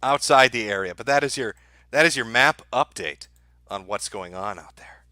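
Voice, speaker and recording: A man's voice: medium pitch, lively intonation, normal speed, dry recording, studio quality. A man hosting a livestream, giving profane, darkly joking commentary to his chat. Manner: sardonic, profane, dark-humored. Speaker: livestream host.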